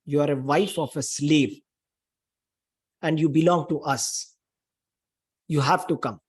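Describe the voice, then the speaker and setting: A man voicing an arrogant, cruel prince who orders a queen about with contempt, in a husky voice. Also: fairly high pitch, fairly even intonation, unhurried, pitched below the performer's own voice. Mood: scornful. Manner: contemptuous, commanding.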